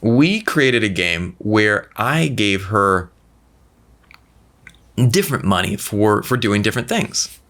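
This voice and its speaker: A man's voice: fairly low pitch, animated, slow pace, pauses often, a bit bright. A man hosting a money-tips vlog, telling a family story casually and animatedly, with frequent restarts and repeated words. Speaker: vlog host, father.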